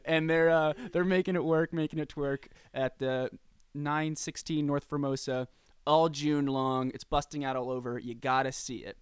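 A man's voice: a little high, fairly even intonation, normal speed, clear, resonant tone. A man hosting a casual interview, cracking puns and playful asides. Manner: punning, playful patter. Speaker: podcast host.

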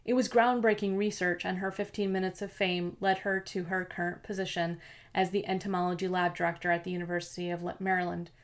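A woman reading a novel aloud as narrator, in a steady, measured storytelling manner. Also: lowish voice. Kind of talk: scripted audiobook narration.

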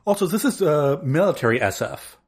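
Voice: mid-range voice, expressive, fairly quick, a little mellow, breathy edge. A podcast co-host in casual chat, laughing while making points about a film.

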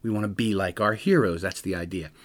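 A man's voice: low voice, brisk. A middle-aged American man telling stories in a loose, rambling monologue, full of fillers and restarts. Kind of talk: casual storytelling monologue.

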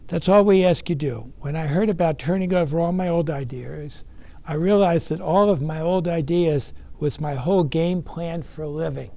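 A man's voice: a little high, normal speed, vocal fry, mellow. A man giving an earnest recovery meeting talk, telling his story with emphatic bursts. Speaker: speaker sharing recovery experience.

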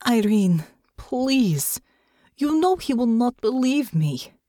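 A woman's voice: mid-range voice, measured pace, a little mellow, no echo, studio quality, natural voice. A woman voicing a clipped, formal soldier woman. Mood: pleading. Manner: formal clipped speech without contractions, drops articles. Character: tough female ex-soldier guard, injured and urgent. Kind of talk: audiobook character voice.

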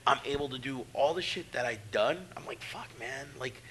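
A man's voice: medium pitch, fairly quick, rough recording. A man from Brooklyn, a pro wrestler, telling profane stories in a casual podcast chat and acting out the voices of the people in them. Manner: profane, animated, acts out quoted voices.

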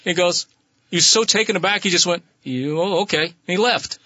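A man, a musician guest on a radio show, telling an animated anecdote and laughing as he goes. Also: sits high, fairly quick, no room sound. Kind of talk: storytelling on radio.

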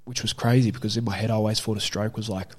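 A man's voice: lowish voice, steady tone, very fast. A young Australian man telling a story from his own life in a casual, candid way, swearing freely. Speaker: guest.

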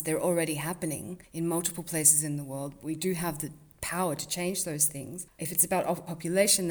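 Woman, forties, earnest and articulate, reflective interview talk, lowish voice. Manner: thoughtful, earnest, politically articulate.

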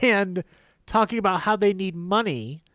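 A man co-hosting a casual film podcast, animated and quick to laugh, acting out quotes in a higher voice. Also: dry recording, studio quality. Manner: animated, laughs often, acts out quotes in a high voice. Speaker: podcast co-host discussing old films. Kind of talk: casual chat.

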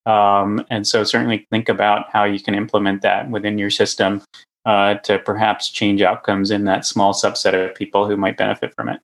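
Laid-back low-voiced man. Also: level tone, moderate pace. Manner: laid-back and friendly, says "dude". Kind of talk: casual medical podcast chat.

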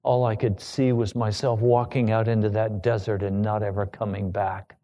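A man preaching a sermon, telling a personal story with emotion that rises to loud pleading. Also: on the low side, level tone, moderate pace. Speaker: pastor.

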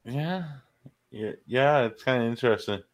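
A man's voice: medium pitch, animated, moderate pace. A man co-hosting a casual podcast, profane and laughing easily as he talks. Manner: laughs while talking, profane. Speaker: podcast co-host. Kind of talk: casual chat.

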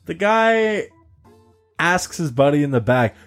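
A man telling a long story in casual chat, animated, laughing often and swearing freely. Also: on the high side, takes it slowly, faint music behind. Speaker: podcast host telling a story.

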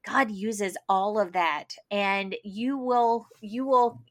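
A woman's voice: mid-range voice, fairly even intonation, slow. A middle-aged woman hosting a homeschooling podcast, speaking in an encouraging, faith-minded way. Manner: warm encouraging, faith-based. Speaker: podcast host. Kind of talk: podcast interview.

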